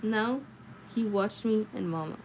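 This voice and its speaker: Mellow-voiced woman reading a novel aloud. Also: medium pitch, unhurried, a little hiss or hum, rough recording. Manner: steady reading with small slips and self-corrections. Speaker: livestream book reader.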